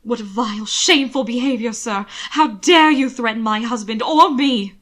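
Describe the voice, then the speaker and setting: A woman voicing a calm, defiant young man who speaks firmly and reassuringly. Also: fairly high pitch, normal speed, lightly acted. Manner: placid, firm and reassuring.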